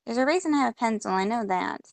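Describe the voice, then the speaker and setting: A woman's voice: on the high side, animated, rapid-fire, vocal fry, no echo. A woman playing a point-and-click game, reading the on-screen text aloud and reacting with mock frustration as she goes. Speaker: gamer. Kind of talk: casual let's-play commentary.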